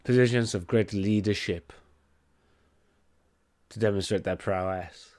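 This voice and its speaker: Guy doing a big proud blue dragon, super deep and talking down to everyone, dry sound. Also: darkish tone, no echo, close to an everyday voice. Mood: condescending. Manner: grand, slow, haughty pronouncements. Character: huge ancient male blue dragon, proud and condescending.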